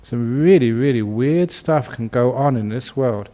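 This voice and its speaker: In a dharma talk, a male Buddhist monk and teacher tells a funny story, his pitch medium and his pace a little slow. He speaks in a relaxed, conversational manner, dropping plenty of "you know"s and often chuckling at his own tale.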